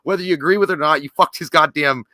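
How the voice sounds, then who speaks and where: A man's voice: on the high side, racing, sharp tone, no echo. A man with a Southern US accent co-hosting a live movie show, talking in crude, rowdy, profane banter.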